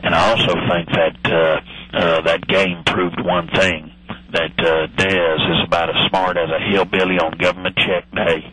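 A man's voice: low voice, little pitch movement, normal speed, sharp tone, slight background noise, rough recording. A man doing a comic impression of an aging, boastful football team owner who rambles through folksy one-liners on a radio show. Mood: boastful joking. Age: older. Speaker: guest.

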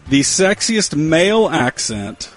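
A man's voice: a little high, sing-song, takes it slowly. A man hosting a casual radio show, chatting in a playful, joking way. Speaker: radio host.

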